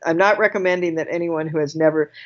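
A woman guest telling a personal story in casual conversation, animated and quick to laugh, often restarting her sentences. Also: deep voice, highs cut off.

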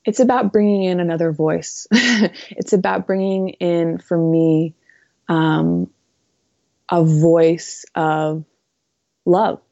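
A woman's voice: lowish voice, fairly even intonation, slow, vocal fry, long pauses, warm tone, dry recording, lo-fi sound. A woman speaking as an interview guest, earnest and reflective, with many fillers. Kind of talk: conversational interview.

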